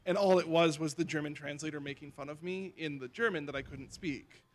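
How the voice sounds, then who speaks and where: A man guesting on a podcast as a burlesque host, from Canada, telling stories in animated casual chat. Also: fairly high pitch, brisk. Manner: animated storyteller, lots of "like".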